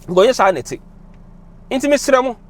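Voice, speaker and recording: A man's voice: extremely high pitch, animated, fast talker. A young Ghanaian man speaking with a Ghanaian accent, giving emotional, impassioned commentary that switches between English and Twi. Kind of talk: passionate commentary to camera.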